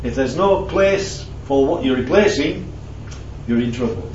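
Distant preacher in an echoey hall. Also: male voice, medium pitch, animated, measured pace, a little mellow, slight background noise. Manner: conversational, asks the audience questions and tells anecdotes. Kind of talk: sermon. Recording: roomy, distant, dull lo-fi sound with faint ambience.

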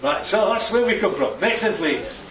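Lively northern preacher in an echoey church. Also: male voice, high voice, moderate pace. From northern England. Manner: chatty, jokey, asks the congregation questions. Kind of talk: sermon. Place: church hall. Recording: echoey church room, distant mic, dull sound.

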